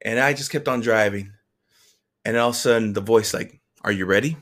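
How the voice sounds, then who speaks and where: A man telling a personal faith testimony in an earnest, halting way, often restarting his sentences. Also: medium pitch, a bit bright.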